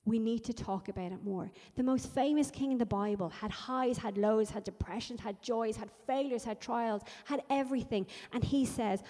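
A woman's voice: fairly high pitch, normal speed, few pauses, dark tone, long reverb tail. A woman preaching a sermon in an emphatic, repetitive style that builds in intensity.

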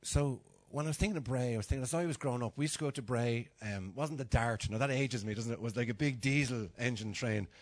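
Older Dublin Irish man, mid-pitched voice, for a chatty, joking informal sermon to a congregation. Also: fast talker, few pauses. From Dublin, Ireland. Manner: chatty and self-mocking, acts out little dialogues. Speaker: preacher. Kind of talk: informal sermon with humorous stories.

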